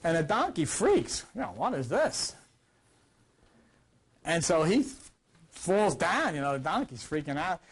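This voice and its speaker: An older man teaching a scripture class in a rambling, conversational way, his voice a little rough from a recent cough and swinging between loud and quiet. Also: big pitch swings, normal speed. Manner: rambling, conversational, with wide swings in pitch and loudness. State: recovering from a cough. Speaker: lecturer.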